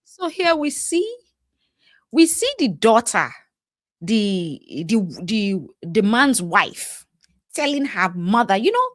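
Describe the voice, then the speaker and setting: A woman, a life coach giving reaction commentary on a viral video, animated, laughing often and acting out the people she quotes. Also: mid-range voice, slow pace, no room sound, studio quality.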